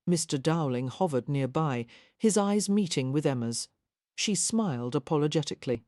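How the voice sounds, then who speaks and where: A woman narrating a historical romance audiobook in a measured, even reading. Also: low-pitched, dry recording, clean studio sound.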